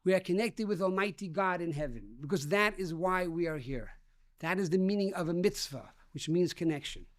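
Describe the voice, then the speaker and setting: A man's voice: high-pitched, expressive, moderate pace, dry recording, clean studio sound. A rabbi giving a sermon, telling a story and addressing his listeners as dear friends.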